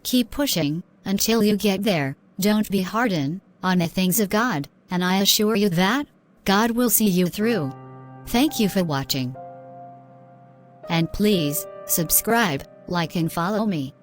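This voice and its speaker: A woman's voice: mid-range voice, animated, measured pace, soft background music. Earnest woman narrating a devotional. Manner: earnest, exhorting. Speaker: inspirational narrator.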